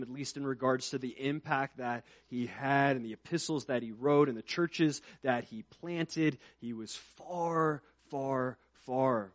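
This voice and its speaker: A man preaching a sermon in a conversational way, swinging from soft, low passages to loud, emphatic ones. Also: no room sound. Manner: conversational, with restarts and asides.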